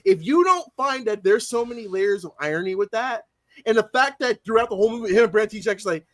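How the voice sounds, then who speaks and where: A man's voice: high-pitched, animated, quick pace. A man hosting a casual film review chat, rambling and opinionated with many fillers. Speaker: podcast host. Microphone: remote call mic.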